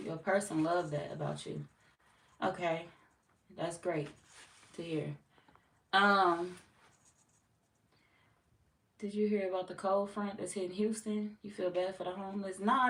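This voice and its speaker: Laid-back woman chatting far from the mic. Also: low voice. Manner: laid-back, teasing, laughs often, slangy. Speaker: tarot livestream host. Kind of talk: casual livestream chat reading comments. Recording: roomy echo, off-mic, faint noise.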